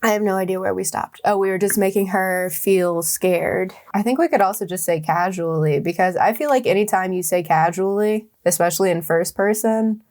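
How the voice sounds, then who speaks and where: A woman's voice: mid-range voice, normal speed, hardly any pauses, darkish tone, soft background music. A woman writer reading her draft aloud and revising it as she goes, with a chatty, wry manner and casual fillers.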